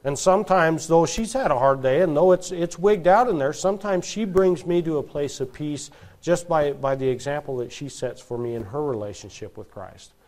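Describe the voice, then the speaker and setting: Pastor, male, 30s, sermon, animated storyteller, higher voice. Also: moderate pace.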